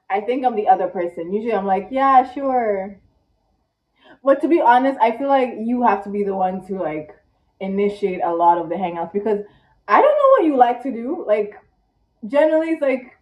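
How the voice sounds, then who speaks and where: A tired young woman vlogging casually in one take, chatty and dramatic, with squeaky rhetorical questions. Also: expressive, fairly quick. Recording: echoey room, distant, dull mic.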